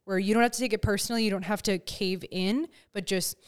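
A woman hosting a casual podcast chat close to the mic, animated and acting out quoted lines. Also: mid-range voice, fast talker, smooth. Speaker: podcast host. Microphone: close studio mic.

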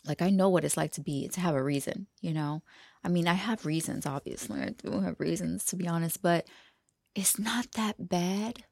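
A woman hosts her podcast in a loose, unscripted monologue, drifting between thoughts and slipping into soft whispers. Her voice sits low with a gravelly fry. The recording is dry and close, with no room sound. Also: no room sound. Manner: rambling, laughs often, drops to a hushed whisper at times. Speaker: podcast host. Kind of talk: casual freestyle monologue.

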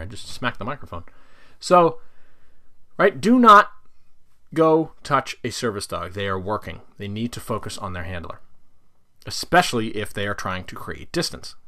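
A man hosting a casual solo podcast, talking in an animated way and jumping into side tangents. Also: medium pitch. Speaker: podcast host.

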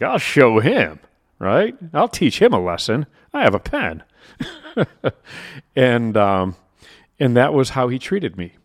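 A man's voice: lowish voice, dry recording, studio quality. A man hosting a podcast, telling a motivational personal story in a conversational way, with asides to the listener. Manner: conversational, with frequent asides and restarts. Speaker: podcast host.

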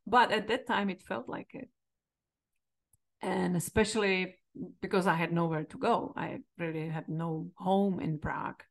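A woman's voice: lowish voice, fairly even intonation, a little slow, vocal fry. A middle-aged woman from the Czech Republic with a Czech accent, a podcast host telling a candid, reflective personal story. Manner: candid, reflective, quoting herself with emotion.

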